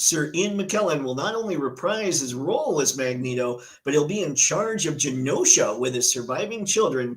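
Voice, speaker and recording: A man hosting a casual live stream, chatty and excitable, reading viewer comments and news aloud. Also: on the high side, low-quality recording. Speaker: livestream host.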